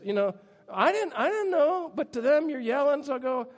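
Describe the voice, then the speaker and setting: A man's voice: extremely high pitch, big pitch swings, moderate pace. A man preaching a sermon as pastor, telling humorous self-deprecating stories. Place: church sanctuary. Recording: long hall reverb.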